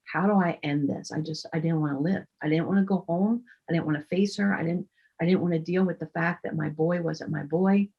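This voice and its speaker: A woman voicing a despairing grown man who talks quietly and haltingly. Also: lowish voice, fairly even intonation, vocal fry, husky, muffled recording.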